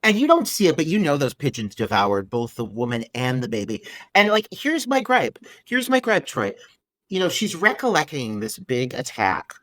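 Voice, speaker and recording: A man co-hosting a movie podcast, ranting through his gripes in casual, profane chat. His voice sits a bit high and swings all over the place, with a bright, forceful edge. The sound is close and dry. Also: normal speed, no echo. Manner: animated, swears freely, ranting gripes. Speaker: podcast co-host. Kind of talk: casual film review chat.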